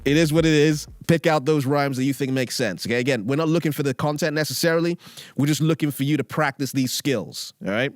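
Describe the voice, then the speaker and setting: British male tutor, higher voice, relaxed chatty delivery, dry close mic, faint beat behind. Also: quick pace, dry recording, faint music behind. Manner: laid-back, checks in with "all right?" and "okay?". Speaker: lyric writing tutor. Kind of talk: casual instructional talk with rap examples.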